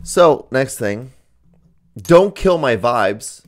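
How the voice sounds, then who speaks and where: A man's voice: medium pitch, animated, extremely slow. A man co-hosting a casual podcast, rambling with lots of filler words as he reads out personal ads. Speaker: podcast co-host.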